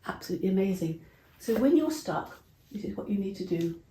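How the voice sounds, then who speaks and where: Gentle woman telling Bible stories to kids. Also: medium pitch, sing-song, fairly quick. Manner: gentle, asks the listener questions. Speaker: children's Bible storyteller. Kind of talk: storytelling to children. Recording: roomy echo.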